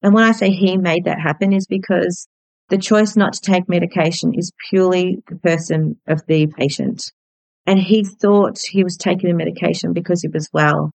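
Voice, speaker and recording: Woman, 30s, podcast host; low-ish voice, candid and gentle storyteller, dry booth sound. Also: fairly even intonation, moderate pace, vocal fry, no echo, poor audio.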